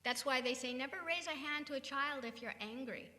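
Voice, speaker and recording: A woman's voice: high-pitched, fairly quick, pushed and bright. An older woman from California, giving an emphatic spiritual talk full of rhetorical questions, in a reverberant hall. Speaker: spiritual teacher. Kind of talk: satsang talk.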